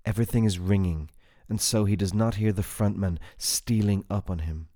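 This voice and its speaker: A man reading a fantasy story aloud in a measured, unhurried way. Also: lowish voice, fairly even intonation, mellow. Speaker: narrator. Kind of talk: audiobook fiction reading.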